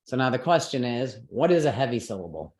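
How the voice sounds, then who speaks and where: A woman with a rumbling low, slightly mellow voice speaks fairly quickly with big swings in pitch. She teaches Sanskrit pronunciation rules in an explanatory class, patiently checking that students keep up with frequent "right?" and "okay". The recording has a roomy echo.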